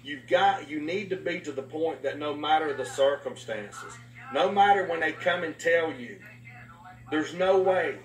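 A man preaching a sermon as a pastor, telling a story with voiced quotes in an animated way. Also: on the high side, unhurried. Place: live-streamed talk. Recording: echoey room from far off, faint noise.

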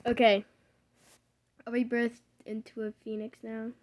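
A young woman giving casual, rambling commentary while playing a video game, playful with loud excited outbursts. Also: fairly high pitch, measured pace, slight background noise. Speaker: gamer. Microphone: desk microphone.

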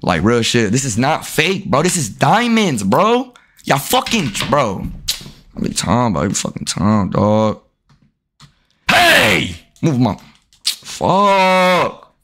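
A man's voice: medium pitch, huge pitch swings, moderate pace, fairly bright tone. Profane, trash-talking young male streamer. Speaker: gaming streamer. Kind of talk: live game commentary with chat.

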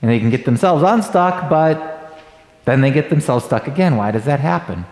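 A man's voice: a little high, animated, moderate pace, a little mellow. Man preaching in an echoey church. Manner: acts out family dialogue in anecdotes. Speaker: pastor. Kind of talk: sermon with storytelling. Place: church sanctuary. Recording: echoey church hall with long reverb.

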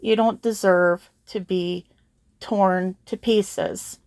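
A woman's voice: medium pitch, steady tone, extremely slow, a little mellow, dry recording, clean studio sound. A young adult woman hosting her channel, talking to her viewers in a heartfelt, earnest way, emotional and holding back tears. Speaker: channel host. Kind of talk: heartfelt personal talk to viewers.

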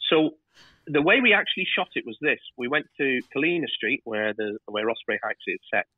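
A man, a TV director, telling lively stories in a casual interview and swearing freely. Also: mid-range voice, a little fast, husky, no echo. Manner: animated storyteller, swears freely. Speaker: TV director, guest. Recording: tinny phone-like line.

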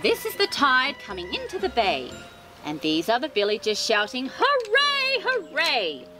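A woman reading a children's storybook aloud as host, expressive and sing-song, with chatty asides of sympathy. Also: fairly high pitch, normal speed, low-quality recording. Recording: reading over background music. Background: music.

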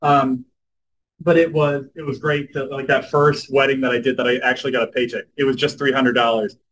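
A young man giving a storytelling talk, animated and filling his speech with "like" and "um". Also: mid-range voice, a little fast, slight background noise, rough recording. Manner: animated, says "like" and "um" a lot. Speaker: guest speaker at a club meeting.

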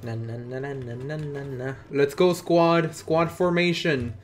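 A man with a Mexican accent talks through a game live stream in easy, playful banter. His voice sits at an average pitch, and he teases his viewers with casual swearing. Faint music plays under his talk. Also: fairly even intonation, measured pace.

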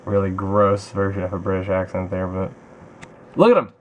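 A man's voice: low-pitched, little pitch movement, normal speed, muffled recording, a little hiss or hum. A young man vlogging casually on a city street, joking and swearing, recorded on a handheld camera mic. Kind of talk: casual vlog chat. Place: outdoors on a New York street.

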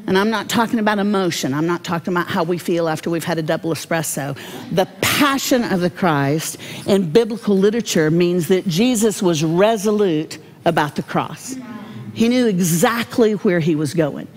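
A woman giving a devotional Bible teaching, folksy and humorous, with animated storytelling. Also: lowish voice, moderate pace.

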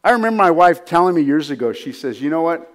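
A man's voice: fairly high pitch, animated, quick pace. A man, a pastor, preaching a sermon with emphasis, often checking in with the congregation with "right?" and "amen?".

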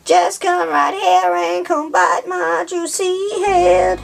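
Man doing a plump rat, high and coaxing, sing-song, keen to be eaten. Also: fairly even intonation, slow, gravelly, soft background music, full character voice. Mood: pleading. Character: chubby pleading pet-food rat, eager to be eaten.

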